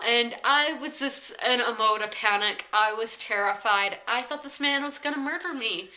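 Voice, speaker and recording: Chatty young woman with a bright voice. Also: fairly high pitch, normal speed, few pauses, a little hiss or hum, low-quality recording. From South Carolina, USA. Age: 20s. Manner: chatty, rambling, many "like" fillers. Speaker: vlogger. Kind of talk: casual storytime vlog. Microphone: camera on tripod.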